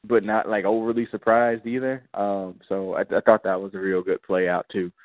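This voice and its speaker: Low-voiced guy recapping a show, chill and chatty, sounds like a phone line. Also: little pitch movement, normal speed, dry recording. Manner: laid-back, acts out characters' lines in slang. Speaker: podcast co-host. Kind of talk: casual recap chat.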